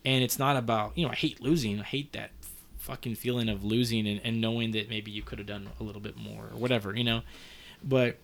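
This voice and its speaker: A man's voice: mid-range voice, steady tone, fairly quick, creaky. A man in his thirties talking in a casual, heartfelt, rambling way, with lots of fillers and some swearing. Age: 30s. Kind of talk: casual conversation.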